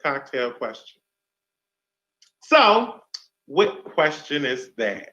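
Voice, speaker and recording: Slightly high male host, playful, teasing, muffled call sound. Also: big pitch swings, very slow, bright, forceful tone. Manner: teasing, leads the conversation. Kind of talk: casual group chat. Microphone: remote call.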